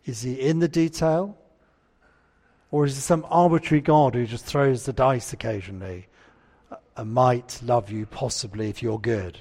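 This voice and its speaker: A man's voice: medium pitch, normal speed, darkish tone. A man preaching a conversational sermon and often putting questions to the congregation. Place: church. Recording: church hall reverb.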